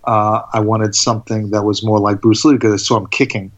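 A man telling stories in a casual interview, laughing often and animated. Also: on the low side, brisk, lo-fi sound. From United States. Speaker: interview guest.

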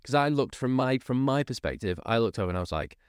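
A man hosting a podcast, telling stories in casual chat with animated repetitions. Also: mid-range voice, quick pace, clean tone, no echo. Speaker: podcast host. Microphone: studio microphone.

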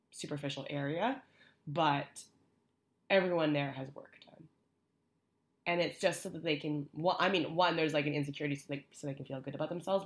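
A woman co-hosting a podcast, telling a story in casual chat with animated asides. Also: deep voice. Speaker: podcast co-host.

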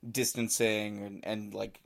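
Co-host, casual and musing, hesitant delivery, middling pitch. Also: level tone, takes it slowly, creaky. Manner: thinks aloud, hesitant, restarts. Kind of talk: casual chat.

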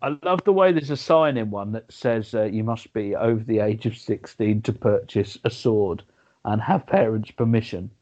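A man's voice: fairly low pitch, a little mellow, highs cut off. A man co-hosting a casual podcast, teasing and joking with the others. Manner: joking, teasing, quick asides. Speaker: podcast co-host.

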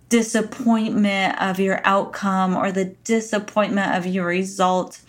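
A middle-aged woman giving a motivational talk as a podcast host, earnest and emphatic, repeating her key phrases. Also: medium pitch. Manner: slow, earnest, emphatic repetition.

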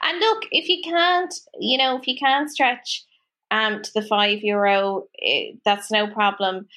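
A woman co-hosting a podcast, chatting casually and telling animated stories, laughing often. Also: mid-range voice, unhurried. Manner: animated storytelling, laughs often, acts out quotes. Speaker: podcast co-host. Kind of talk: casual chat.

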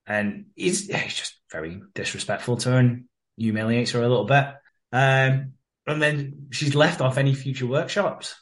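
A man's voice: medium pitch, steady tone, moderate pace. A man co-hosting a podcast, casually recapping a soap episode, swearing and acting out the characters' lines. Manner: laughs often, swears, acts out the characters' lines. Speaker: podcast co-host.

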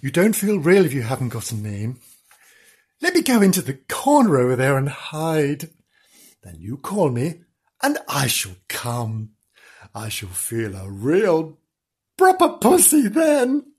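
A storyteller voicing a small, earnest kitten in a comic storybook reading, speaking slowly and solemnly. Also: medium pitch, huge pitch swings, darkish tone, husky, heavily acted.

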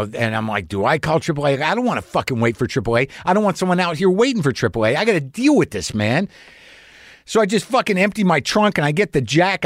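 A male comic spinning a long, rambling story, swearing freely and sounding anxious. His voice sits a bit high for a man and is recorded close and dry. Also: no room sound. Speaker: comedian host. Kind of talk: storytelling monologue.

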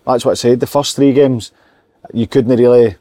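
A man's voice: medium pitch, fairly even intonation, moderate pace, mellow, a little hiss or hum. A Scottish man chatting casually as a football podcast pundit, rambling and restarting his phrases.

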